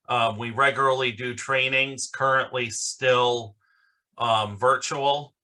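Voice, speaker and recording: A man moderating a virtual conference panel, talking earnestly with many pauses and fillers over a video call. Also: medium pitch, bright, forceful tone. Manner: slow, earnest, halting with fillers.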